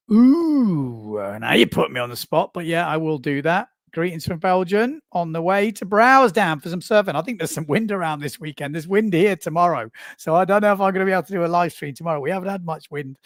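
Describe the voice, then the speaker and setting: Man, live stream host, casual chatter, self-mocking, fairly high voice, dry close mic. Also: no room sound. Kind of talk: casual live commentary reading chat. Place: small live booth.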